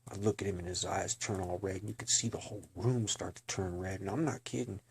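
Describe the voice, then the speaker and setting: A man's voice: deep voice, fairly even intonation, fairly quick, darkish tone, breathy edge. A man giving an earnest personal testimony, talking bluntly and slangily and addressing his listeners directly. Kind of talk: emotional personal testimony to camera.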